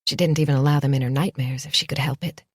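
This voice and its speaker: A woman narrating a romance audiobook in a soft, intimate, measured reading. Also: a bass voice, fairly even intonation, husky, no room sound, clean studio sound.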